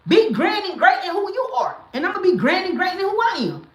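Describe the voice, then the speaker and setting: A woman's voice: extremely high pitch, sing-song, fairly quick. Blunt, emphatic woman in an echoey room. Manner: blunt and emphatic, swings into loud preaching bursts. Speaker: livestream host. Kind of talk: casual livestream talk.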